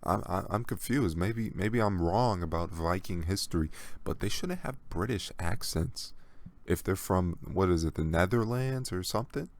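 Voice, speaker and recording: A man with a very low-pitched voice hosts a gaming reaction video. He rants in a mocking, exasperated tone and keeps repeating his lines for effect. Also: expressive, normal speed. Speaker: gaming channel host. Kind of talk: sarcastic reaction rant.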